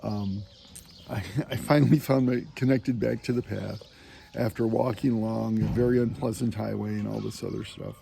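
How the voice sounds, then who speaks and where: A man with a gravelly, mellow voice talks through a casual spoken meditation while out on a walking pilgrimage. He rambles and hesitates with plenty of fillers. He chuckles often as he tells his stories. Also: lowish voice, steady tone, normal speed, slight background noise. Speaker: pilgrim vlogger.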